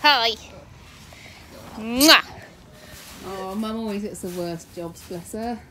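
A young woman chatting in a casual vlog, rushed and excitable as she talks to her phone from a vehicle. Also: medium pitch. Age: young adult. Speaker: vlogger and event rider. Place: in a moving vehicle. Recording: loud vehicle noise behind.

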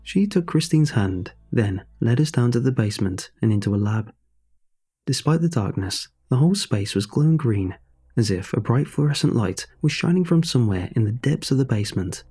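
A man narrating a horror story in a measured, scripted storytelling delivery, with faint music behind. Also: medium pitch, expressive, warm tone, breathy edge.

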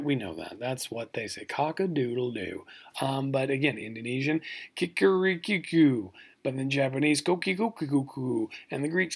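A man's voice: medium pitch, vocal fry, husky. A man from California with a Californian accent, giving a recorded college lecture in a joking, mock-outraged way and often asking "right?".

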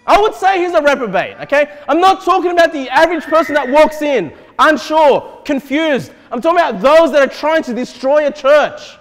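A male pastor preaching an expository sermon in an animated way, often checking in with the congregation. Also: very high-pitched, moderate pace, few pauses, big-room sound. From Australia. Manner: animated, repeatedly checks in with "okay?". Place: church.

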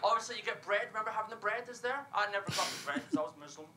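A man's voice: sits high, racing, very noisy, natural voice. An actor playing a young stand-up comedian from Glasgow, with a Scottish accent, chatting and laughing through his set. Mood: chatty. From Scotland.

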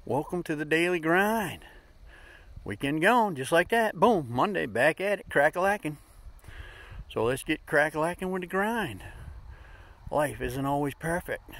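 A middle-aged man with a voice pitched a little high talks to his viewers in a folksy, upbeat way. He keeps it casual and motivational, leaning on everyday slang. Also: a bit bright. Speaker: vlog host.

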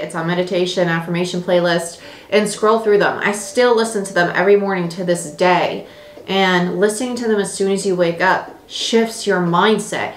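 A young woman giving a casual tarot reading, chatty, blunt and encouraging with playful exclamations. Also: lowish voice. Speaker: tarot reader. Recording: echoey room with faint noise.

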